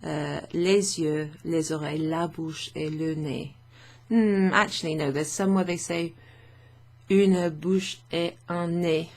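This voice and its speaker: A woman's voice: low-pitched, fairly even intonation, slow pace, darkish tone. A woman teaching French vocabulary to learners, chatty and thinking aloud with fillers and frequent little laughs.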